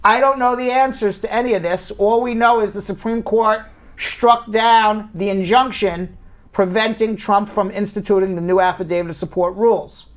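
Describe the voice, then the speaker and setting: A man in a casual live show, an immigration lawyer and host, swinging from loud joking to sober explanation. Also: high-pitched, fairly even intonation, moderate pace.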